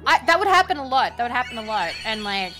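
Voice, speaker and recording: A woman's voice: on the high side, sing-song, fast talker, music in the background. A young woman telling stories in a casual stream chat, laughing often and acting out customers. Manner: chatty storyteller, laughs often, acts out customers.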